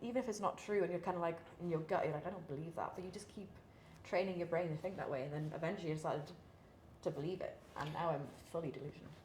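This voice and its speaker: A young British woman, a professional athlete, chats candidly in an interview, her fairly low, slightly mellow voice moving at a quick pace. She fills her talk with fillers and laughs between thoughts. The room is echoey, with a faint hiss.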